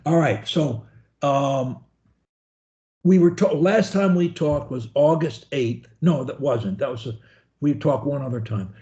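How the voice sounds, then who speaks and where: A man's voice: medium pitch, measured pace, mellow, dull audio. A man coaching a student one-on-one over a video call, talking in a folksy, rambling, encouraging way. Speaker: speech coach.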